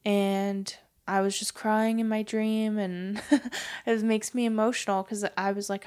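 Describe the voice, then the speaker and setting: Soft-spoken young woman, flat delivery. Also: medium pitch, unhurried, clear, resonant tone. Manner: soft-spoken, hesitant, many fillers. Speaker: podcast guest. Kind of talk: casual podcast conversation.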